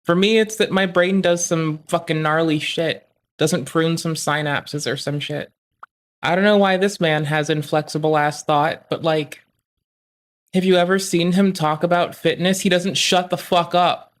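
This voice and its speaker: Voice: mid-range voice, steady tone, unhurried. A streamer reacting to a clip live, rambling and swearing with many fillers. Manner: rambling, profane, lots of fillers.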